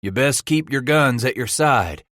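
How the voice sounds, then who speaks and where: A man voicing a big, loud, swaggering frontier trapper leader in a gruff backwoods drawl, for an audiobook. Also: mid-range voice, lively intonation, a little slow, no room sound, studio quality, voice pushed up. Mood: gruff bossy.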